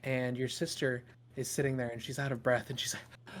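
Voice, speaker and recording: A man's voice: medium pitch, normal speed, slight background noise. A man narrating a tabletop game as game master, in a loose, improvised storytelling way with fillers.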